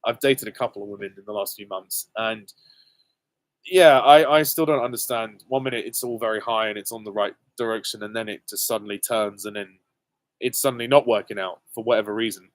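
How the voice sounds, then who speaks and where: A young British man hosting a live viewer Q and A, answering casually and candidly with many pauses and ums. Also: fairly low pitch, dry recording. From Britain. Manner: hesitant, many ums, candid and self-deprecating. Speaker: channel host answering viewer questions.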